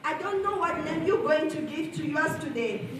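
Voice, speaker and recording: A woman's voice: high voice, normal speed. A woman with a French accent giving a motivational coaching talk to a live audience, calling out to the crowd and leading them in repeating phrases. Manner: energetic, calls out to the crowd and leads call-and-response. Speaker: life coach. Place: large hall with an audience. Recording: echoey hall, far from the mic, crowd and noise.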